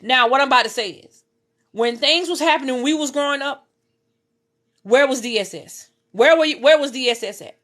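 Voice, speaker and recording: A woman's voice: sits high, fairly quick, a bit bright. A woman, telling her own life story to her viewers in an intense, repetitive way, swearing as she talks from her bed at home. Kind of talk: emotional personal storytelling.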